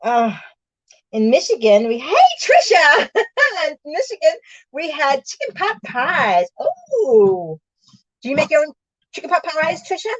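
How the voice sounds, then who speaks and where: A woman's voice: high-pitched, sing-song, measured pace, no room sound. Middle-aged woman doing a chill live stream chat, laughs a lot, dry dull mic sound. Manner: chatty, bubbly, laughs often, reads out viewer comments. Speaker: vlogger chatting with live-stream viewers. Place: small room in her truck.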